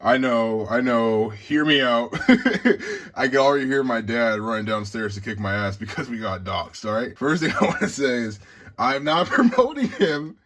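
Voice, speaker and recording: A man's voice: medium pitch, expressive, moderate pace, fairly bright tone. A young man giving a casual, sarcastic book review, swearing and laughing often.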